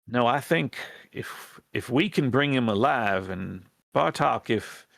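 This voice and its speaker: A man plays an earnest female rat rebel who asks a band of strangers for help, her folksy speech halting and full of false starts. Her voice sits at an ordinary pitch and is recorded dry and close, with no room sound. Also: expressive, creaky, a bit bright, dry recording, exaggerated voice. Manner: halting, hesitant, folksy drawl with many restarts. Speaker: game master. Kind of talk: in-character role-play in a tabletop game.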